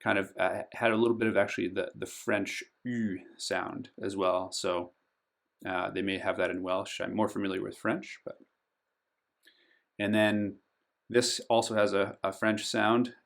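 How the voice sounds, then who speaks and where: This board game channel host's pronunciation tutorial over a game map moves slowly and carefully; he stretches and stresses each name and often fills silences with um. His gravelly voice sits on the low side and barely moves in pitch.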